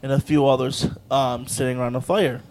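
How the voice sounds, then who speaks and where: A young man in casual chat among friends, telling a rowdy story loudly and acting out what people said. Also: mid-range voice, fairly quick, noisy background. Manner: loud, animated storyteller, acts out quotes.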